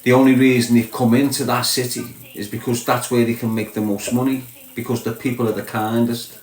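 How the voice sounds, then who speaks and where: A man's voice: medium pitch, flat delivery, fairly quick, a little mellow. A man with a Scouse accent chatting bluntly to his livestream viewers, calling them lad and mate. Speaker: livestream host. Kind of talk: casual chat to viewers. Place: small box room indoors. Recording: roomy echo.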